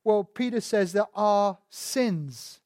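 A man's voice: high voice, lively intonation, slow pace, darkish tone, no echo, clean studio sound. A man preaching a sermon and explaining words one by one, asking rhetorical questions and stressing single words. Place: church sanctuary.

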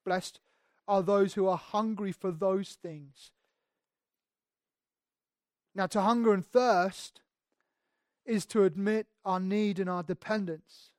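A male pastor preaching a sermon in a church, earnest, moving between hushed passages and emphatic ones and often restarting his words. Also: sits high, fairly even intonation, slow pace, long pauses, no room sound, studio quality. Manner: repeats words when restarting.

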